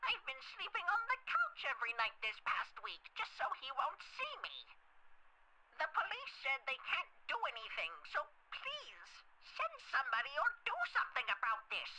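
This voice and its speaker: A man voicing a frightened elderly grandmother who calls a hotline, in a high quavering old-lady voice, anxious and pleading. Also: huge pitch swings, moderate pace, background noise, exaggerated voice. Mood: scared. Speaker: caller.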